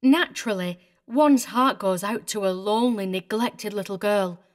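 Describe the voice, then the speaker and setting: A woman's voice: mid-range voice, moderate pace, lightly acted. A woman as a prim, tearful old governess. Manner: prim and indignant, fussily precise. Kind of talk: audiobook character reading.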